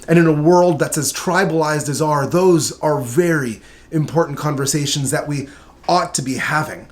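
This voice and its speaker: A man teaching a short Bible study, reading scripture aloud in an earnest, measured way with emphatic pauses. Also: mid-range voice.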